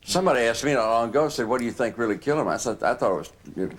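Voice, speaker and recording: A man's voice: medium pitch, expressive, very fast, husky. An older man reminiscing in a reflective way, often trailing off with fillers. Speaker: storyteller. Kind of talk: reminiscing anecdotes.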